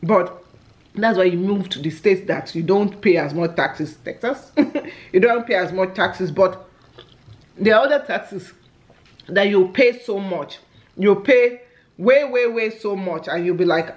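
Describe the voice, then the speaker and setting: A woman with a Nigerian English accent chats casually to her viewers as she eats on camera. She tells stories with plenty of exclamations at a middle pitch. The recording has a slightly dull, lo-fi sound. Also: measured pace. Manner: chatty storyteller with frequent exclamations. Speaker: family vlogger. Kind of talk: casual chat while eating on camera.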